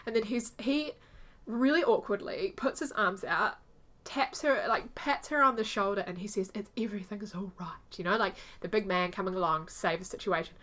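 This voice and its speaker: Animated, bright-voiced woman chatting. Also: mid-range voice, normal speed. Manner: animated storytelling, acts out quoted voices. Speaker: podcast co-host. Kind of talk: casual chat.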